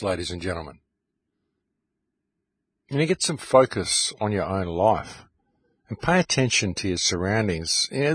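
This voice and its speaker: A man's voice: medium pitch, slightly rough, dry recording. A middle-aged man hosting a radio show, delivering an impassioned, urgent monologue straight to his listeners. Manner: ranting, urgent, addresses listeners directly.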